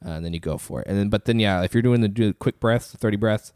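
A man's voice: on the low side, racing, darkish tone, clear, resonant tone, no echo, clean studio sound. A man co-hosting a podcast, telling a story in casual chat with lots of fillers. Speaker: podcast co-host.

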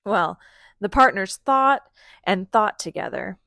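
A woman's voice: mid-range voice, animated, takes it slowly, bright, forceful tone, no echo. A woman reading a storybook aloud to her children, stopping often to ask them questions. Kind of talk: interactive read-aloud to children.

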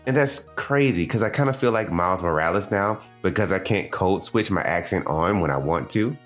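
A man's voice: low-pitched, animated, normal speed, fairly bright tone, soft background music. A man from the American South with a Southern accent, giving a casual spoken review as a show host, chatting with asides to his audience. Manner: conversational, with digressions and asides to the audience. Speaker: anime reviewer and podcast host.

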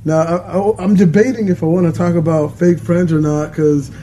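A man's voice: fairly high pitch, fairly even intonation, normal speed, warm tone, a little hiss or hum. A man hosting a casual podcast, joking and swearing freely with his co-host.

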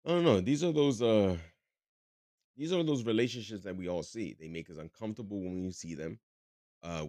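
A man with a very low voice talks his way through a podcast monologue. He swears freely, restarts his sentences and leans on fillers. The recording is dry and close-miked. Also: darkish tone, dry recording. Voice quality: rambling, profane, full of fillers and restarts. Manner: joking about a tense topic. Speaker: podcast host. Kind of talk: casual monologue.

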